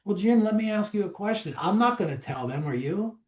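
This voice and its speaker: A man's voice: high-pitched, animated, fairly quick, hardly any pauses, a little mellow. A man giving an emphatic, conversational seminar talk to a live audience, acting out sample dialogues as he teaches. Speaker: real estate trainer. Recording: roomy, slightly dull recording.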